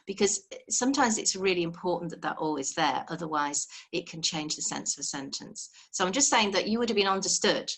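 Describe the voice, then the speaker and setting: A woman's voice: lowish voice, expressive, a little fast, vocal fry, few pauses, fairly bright tone, breathy edge. A woman teaching a live online language lesson, explaining patiently step by step and encouraging her students over a video call.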